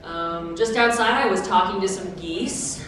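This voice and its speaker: A woman's voice: medium pitch, unhurried. A young woman answering audience questions at a convention panel, chatty and laughing, with many fillers and restarts. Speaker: cosplayer taking audience questions. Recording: echoey hall, distant mic, noisy.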